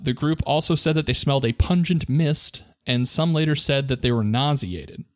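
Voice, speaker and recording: A man's voice: fairly high pitch, moderate pace, no echo, clean studio sound. A man co-hosting a podcast, telling a story in a playful, joking way and laughing often. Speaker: podcast co-host. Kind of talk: casual storytelling chat.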